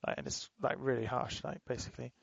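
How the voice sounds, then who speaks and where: Casting note: man, podcast co-host, loose swearing chatter, flat tone, dry close sound. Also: mid-range voice, fast talker, gravelly, breathy edge, no echo, dull audio. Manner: rambling, swears freely, laughs while retelling. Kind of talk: casual chat.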